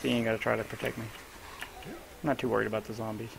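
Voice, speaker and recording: A man streaming his own gameplay, talking casually to a teammate in a loose, chatty way and giving quick instructions. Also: on the low side, steady tone, vocal fry, background noise.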